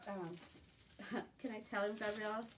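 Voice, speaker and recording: A woman's voice: mid-range voice, fairly even intonation, moderate pace. Chatty woman on a distant phone mic. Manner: chatty, slips into cooing baby talk. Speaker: live-stream jewelry seller. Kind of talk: casual live-stream chat. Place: home at night. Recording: distant phone mic with faint room noise.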